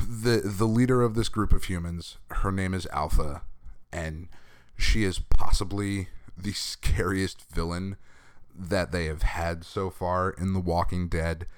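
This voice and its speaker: Man, deep voice, hoarse from a cold, casual profane comic review, dry studio sound. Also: measured pace, dry recording. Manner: candid, profane, animated rants with laughter. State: hoarse from recent illness. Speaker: comic book podcast host.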